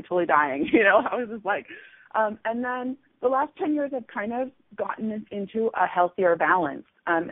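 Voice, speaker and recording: A woman calling into a radio show as a guest, talking chattily about her own experience. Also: lowish voice. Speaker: caller, guest author. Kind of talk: casual phone interview. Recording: tinny phone line.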